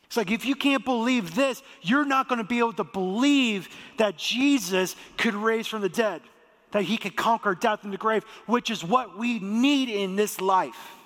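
High-voiced pastor preaching in a hall. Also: male voice, normal speed. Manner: lively, joking storyteller. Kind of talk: sermon. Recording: long hall reverb.

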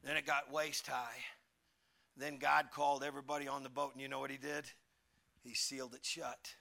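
A man preaching a sermon with emphatic call-and-response, now and then breaking into shouts. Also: medium pitch, level tone, moderate pace, gravelly. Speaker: pastor.

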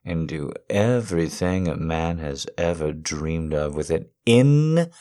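A man's voice: extremely low pitch, expressive, unhurried, mellow. A man performing a domineering erotic audio role-play monologue, taunting and commanding the listener.

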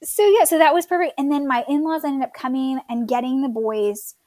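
A woman's voice: sits high, fairly quick, warm tone, no room sound. A woman in her thirties from Florida casually telling her birth story as a guest, chatty with many fillers.

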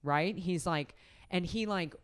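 Low-voiced woman rambling through a story. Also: measured pace, clean tone. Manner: rambling, filler-heavy, laughs often. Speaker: podcast host. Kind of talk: casual storytelling chat. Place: podcast recording setup.

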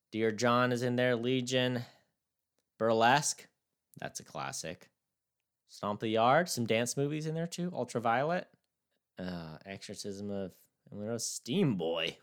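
A man's voice: medium pitch, a bit bright, clean tone. A man co-hosting a casual comedic movie chat, wry and incredulous. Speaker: podcast co-host.

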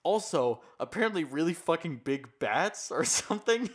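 A man's voice: a little high, big pitch swings, normal speed. A young man casually retelling a horror story on a podcast, swearing freely and laughing as he goes. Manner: profane, laughing, slangy storytelling. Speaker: podcast co-host. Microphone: podcast microphone, gain problems.

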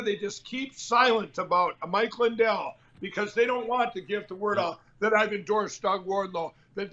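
High-voiced rambling male talk host. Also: pushed and bright, dull audio. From Minnesota. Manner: rambling, repetitive, combative. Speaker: show host. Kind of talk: casual political talk.

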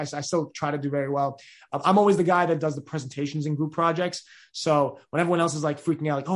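A young man, answering interview questions in an energetic, rambling way with many restarts. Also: on the high side. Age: 20s. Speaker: podcast host being interviewed.

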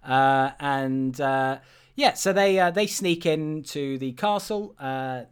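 A man's voice: medium pitch, slow, clean tone. A man co-hosting a podcast, recapping a film in a rambling, joking way with many fillers. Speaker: podcast co-host. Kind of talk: casual film recap chat.

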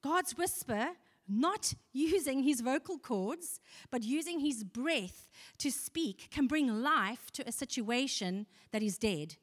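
Woman, preacher, slightly high voice, earnest, conversational, long echo of a church hall. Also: animated, slow. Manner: earnest, conversational, with rhetorical questions to the congregation. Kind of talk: sermon.

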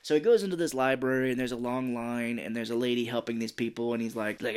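Man, podcast co-host, casual movie recap, animated storytelling, quotes characters, swears. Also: mid-range voice, fast talker, hardly any pauses. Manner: animated, retells scenes with quoted lines and swearing.

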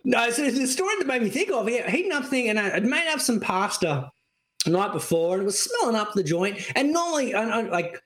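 A man co-hosting a casual podcast, telling a workplace story with lots of swearing and sarcasm. His pitch swings widely as he drops into mocking impressions of people. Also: big pitch swings, fairly quick, fairly bright tone. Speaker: podcast co-host.

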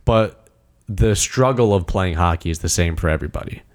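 A young man in casual chat, excitably retelling a film scene with swearing and quick asides. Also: low-pitched. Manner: excited, swearing, acts out movie quotes.

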